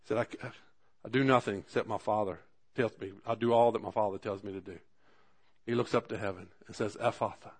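A man's voice: fairly low pitch, fairly even intonation, slightly rough. Man, pastor, sermon, earnest, conversational asides, swelling emphasis. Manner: preaching with swelling emphasis and drawn-out words.

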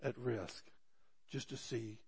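A man's voice: mid-range voice, fairly even intonation, slow pace, a little mellow, husky. A man delivers a sermon as a personal story. His tone is earnest and conversational, and it swells into fervent emphasis on key points. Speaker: pastor.

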